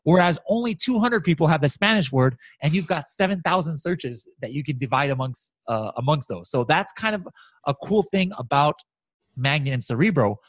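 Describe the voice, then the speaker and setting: American man, upbeat software demo voice, fairly high pitch, no room echo. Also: normal speed. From United States. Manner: animated, excited, many fillers and restarts. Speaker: guest software expert. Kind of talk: casual screen-share walkthrough.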